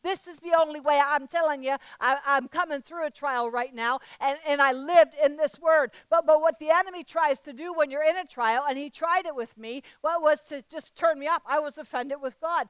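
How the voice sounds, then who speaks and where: High-voiced woman preaching, dry sound. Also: normal speed, dry recording, rough recording. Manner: storytelling, animated acted-out quotes; emphatic repetition. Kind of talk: sermon.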